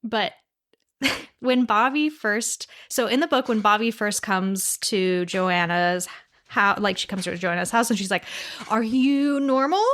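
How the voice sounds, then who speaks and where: A woman's voice: medium pitch, measured pace, fairly bright tone, no room sound, studio quality. A woman co-hosting a podcast, chatting casually about films, laughing often and acting out quotes. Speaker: podcast co-host.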